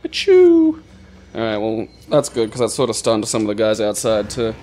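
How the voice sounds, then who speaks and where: A man's voice: fairly low pitch, little pitch movement, brisk, darkish tone, a little hiss or hum. A man chatting casually over a video game, offering tips to his co-player and laughing easily. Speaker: let's play co-host. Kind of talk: casual gameplay commentary.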